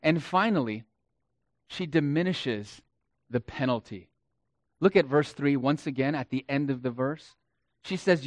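A male pastor delivers a sermon in a slightly higher-than-usual voice. He is emphatic and repeats key phrases to drive them home. The sound is dry and close. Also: animated, moderate pace, long pauses, dry recording. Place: church.

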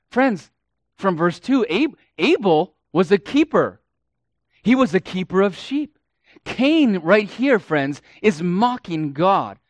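A man preaching a sermon, dramatic, swinging between hushed and loud and acting out the quotes he reads. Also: fairly high pitch, no echo.

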